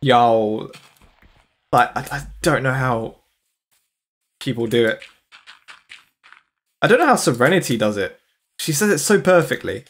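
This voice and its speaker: A young man with a British accent chats easily as he plays a game on stream. He laughs often and answers his viewers as he goes. His voice sits at an everyday middle pitch. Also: big pitch swings, normal speed, pauses often, a bit bright, breathy edge. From United Kingdom. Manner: chatty, laughs often, replies to chat. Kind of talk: casual chat while gaming.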